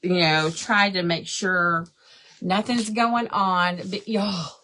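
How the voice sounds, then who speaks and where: Her voice is fairly low, steady, bright, and forceful, and she speaks slowly over a faint hiss or hum. Painting during a home crafting livestream, this middle-aged host drifts into long stories and calls her viewers y'all in easygoing chat.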